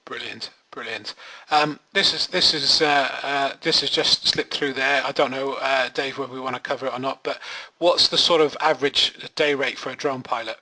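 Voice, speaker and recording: A man's voice: medium pitch, fairly even intonation, moderate pace, sharp tone, poor audio. A man hosting a live webinar, reading out viewer questions in a chatty, hesitant way.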